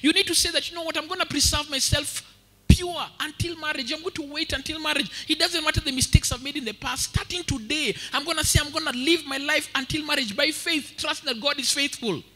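A young Kenyan man preaching with a high, piercing, brilliant voice. He tells his story with lively energy and slips into street slang. The sound rings out through a large hall with a long echo. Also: a little fast. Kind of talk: storytelling sermon. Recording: echoey hall with long reverb.

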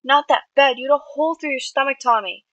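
A woman's voice: medium pitch, steady tone, fast talker, fairly bright tone, no echo, far from the mic, highs cut off, natural voice. A woman voicing an anxious, loyal teenage boy who pleads with his friend. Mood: worried.

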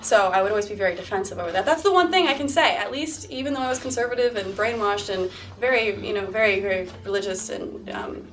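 A woman's voice: medium pitch, quick pace, hardly any pauses, soft background music. A young woman in her twenties speaking candidly as a guest at a university talk, laughing often and acting out quoted lines. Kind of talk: interview-style talk to a live audience. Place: university lecture room. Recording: distant mic with faint room noise.

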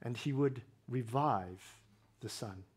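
A man's voice: medium pitch, takes it slowly, slightly rough. A male pastor preaching a sermon, explaining scripture in a conversational way with wry humor.

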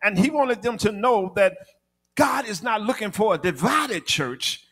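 Male preacher, high voice, rhythmic sermon delivery, sung and shouted peaks. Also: animated, measured pace. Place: church.

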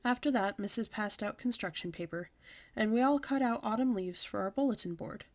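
Woman storyteller, expressive read-aloud of a children's book. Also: mid-range voice, a little fast. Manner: lively, expressive storybook reading.

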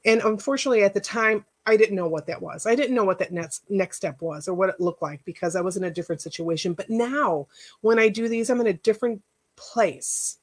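A woman's voice: mid-range voice, a little fast. A middle-aged woman life coach giving a casual workshop talk, earnest and emotional, chatty with many asides. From Northwest Indiana, United States.

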